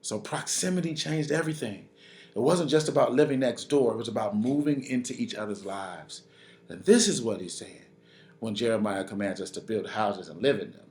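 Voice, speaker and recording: Lively storytelling pastor in a roomy hall. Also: male voice, fairly low pitch, normal speed. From Chicago, US. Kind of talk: storytelling sermon. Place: conference stage.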